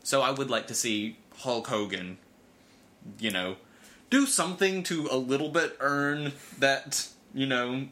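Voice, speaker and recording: A man's voice: mid-range voice, expressive, measured pace, sharp tone. A man co-hosting a casual talk show, chatty and full of fillers, laughing easily. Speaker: podcast co-host. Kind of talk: casual chat.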